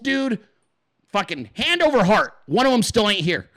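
A man hosting a podcast in a casual, profane rant, acting out quick voices in his stories. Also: high voice, dry recording. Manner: animated, swears a lot, acts out voices in his stories. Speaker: podcast host.

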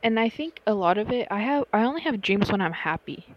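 A woman's voice: mid-range voice, lively intonation, brisk, muffled recording, noisy background. A young woman chatting casually with friends, swearing often and laughing. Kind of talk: casual chat.

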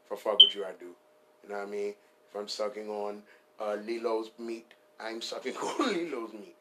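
A man with a low speaking voice riffs loosely on a comedy podcast. He swears freely and rambles from one bit to the next in a playful tone. Faint background noise sits behind him. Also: normal speed. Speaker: podcast host. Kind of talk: casual comedic riffing.

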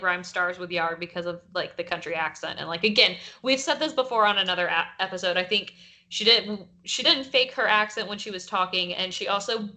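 Woman co-host, bright tone, mild Southern lilt, chatty and giggly. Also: medium pitch. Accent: light Southern US. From American South. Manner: chatty, laughing, many fillers. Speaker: podcast co-host. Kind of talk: casual chat.

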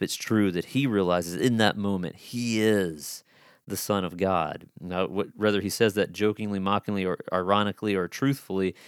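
Earnest low-voiced male preacher. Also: no echo, studio quality. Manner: earnest, conversational preaching with rhetorical questions. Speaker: pastor. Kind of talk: sermon.

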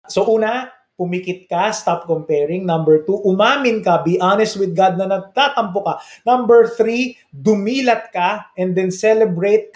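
A Filipino-accented male preacher with a fairly high voice, delivering a lively motivational sermon. He asks his listeners questions and repeats his main points for emphasis. The sound carries a roomy echo. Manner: energetic, rhetorical, repeats key lines for emphasis. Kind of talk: sermon-style motivational talk.

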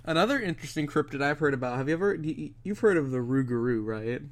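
A man's voice: a little high, expressive, fast talker. A man hosting a casual podcast, joking and rambling. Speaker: podcast host. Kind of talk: casual chat.

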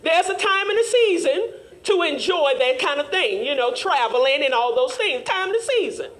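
A woman teaching Sunday school in a fervent, call-and-response preaching manner, rising at times to shouts. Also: sits high, expressive, normal speed.

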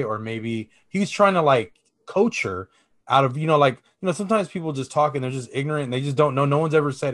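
A man's voice: mid-range voice, brisk, fairly bright tone. A young man co-hosting a casual podcast chat, telling long rambling stories with lots of fillers and casual swearing. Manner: rambling storyteller, swears freely, many fillers. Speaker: podcast co-host.

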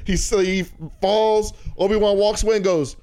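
Animated young man telling a story. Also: high voice, moderate pace, smooth. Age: young adult. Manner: animated storyteller, acts out quoted lines. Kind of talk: casual group chat.

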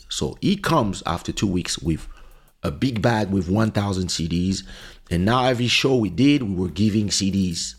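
A man's voice: sits low, animated, moderate pace, slightly rough. A man hosting a podcast, telling a casual story with fillers and restarts and acting out quoted lines. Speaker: podcast host. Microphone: studio microphone.

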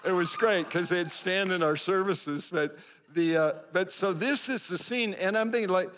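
A middle-aged man preaching, a pastor telling a lively personal story in sermon style. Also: normal speed. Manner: animated storyteller, acts out quotes with big pitch jumps.

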